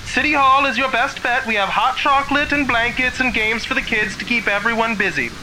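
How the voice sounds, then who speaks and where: A game master voicing a calm, reassuring town radio announcer giving emergency notices. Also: medium pitch, brisk, slight background noise, pitched above the performer's own voice, rough recording. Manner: soothing, reassuring.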